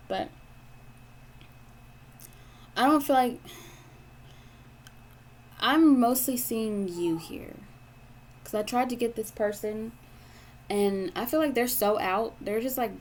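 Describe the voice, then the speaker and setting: A young woman gives a tarot reading bluntly and emphatically, swearing often and repeating the same points over and over. Her mid-pitched voice moves at an unhurried pace with long pauses, and a faint hiss sits underneath.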